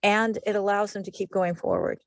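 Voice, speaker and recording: A woman's voice: medium pitch, steady tone, brisk, gravelly, no room sound. Woman hypnotherapist on a zoom call, earnest, repeats herself, dry sound. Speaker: hypnotherapist guest. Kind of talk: casual video call chat. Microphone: video call.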